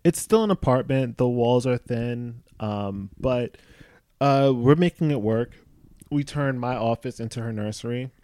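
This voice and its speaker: Easygoing American man, soft-spoken. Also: mid-range voice, measured pace, clear, resonant tone, dry recording. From United States. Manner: relaxed and soft-spoken, many fillers like "like" and "um". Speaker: comedian guest. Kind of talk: casual chat.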